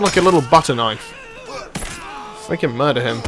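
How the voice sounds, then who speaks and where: A young man giving live commentary over his own gameplay, chatty and excitable, swearing and shouting at the players on screen. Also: mid-range voice, moderate pace. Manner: excitable, swears and yells at the game. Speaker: let's play commentator.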